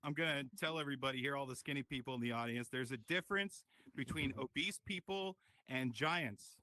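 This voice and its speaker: Loud, profane stand-up comedian man. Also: medium pitch, a little fast, dry recording. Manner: profane, energetic crowd work. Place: virtual reality comedy club.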